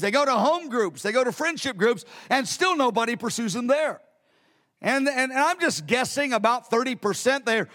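A man with a very high voice preaches a sermon in an earnest, repeating manner, often circling back and restarting his phrases. His words ring with a long reverb from a large church hall. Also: fairly bright tone. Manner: earnest, repetitive, with frequent restarts.

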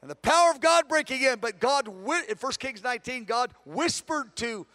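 A man teaching a conference session on prayer, earnest, moving between hushed prayer and emphatic preaching, often repeating himself. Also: extremely high pitch, expressive, moderate pace. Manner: repeats words, self-corrects.

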